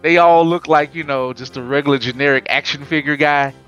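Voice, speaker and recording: A man hosting a casual anime podcast, telling it in an animated, slangy way with frequent laughs. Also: on the high side, fairly quick, smooth, dull audio, soft background music. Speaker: podcast host.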